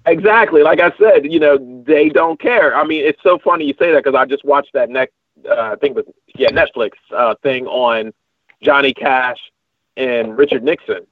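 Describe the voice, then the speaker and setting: A man's voice: mid-range voice, moderate pace, no echo. A man co-hosting a podcast, chatting casually in a rambling way with many fillers and restarts. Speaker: podcast co-host. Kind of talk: casual chat. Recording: tinny phone-like line, dry.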